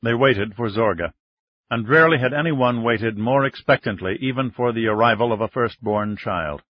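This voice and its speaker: A man narrating an audiobook in a measured, even reading, recorded close in a studio. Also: mid-range voice, no echo. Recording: dull, dry studio reading.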